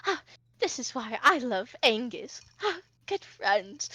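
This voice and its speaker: A woman voicing a flamboyant, theatrical male performer with exaggerated, drawn-out cries. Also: fairly high pitch, very animated, pushed and bright, slightly rough, no room sound, full character voice. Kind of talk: tabletop role-play voicing.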